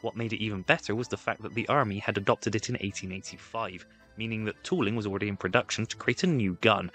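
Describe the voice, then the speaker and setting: A man's voice: on the low side, fast, fairly bright tone, soft background music. A man giving scripted, comedic history narration with wry, sarcastic asides.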